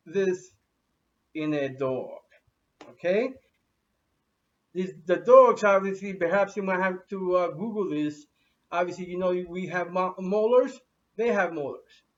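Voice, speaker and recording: A man giving an unscripted how-to demonstration at home with his pets, talking in a halting way with many restarts and fillers. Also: sits high, recorded from a distance. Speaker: dog owner giving a how-to. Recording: dull lo-fi sound from off mic.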